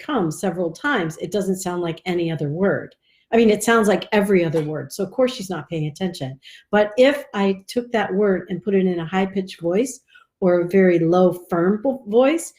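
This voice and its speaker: Chatty woman dog trainer, low voice. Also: a little mellow. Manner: chatty, loose and rambling with fillers. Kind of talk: casual live video tip.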